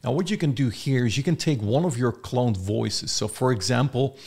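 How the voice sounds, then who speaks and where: A man reviews software, walking through it step by step. He sounds excited and speaks at mid pitch, with a slightly gravelly edge to his voice. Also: moderate pace. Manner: enthusiastic, demonstrating step by step. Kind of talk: screen-recorded product review.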